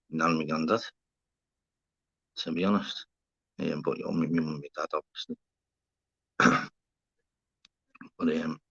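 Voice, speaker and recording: Chatty Scouse man, low voice. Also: sharp tone. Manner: chatty, swears casually, calls viewers mate and fella. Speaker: livestream host. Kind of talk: casual livestream chat with viewers. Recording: slightly dull lo-fi sound.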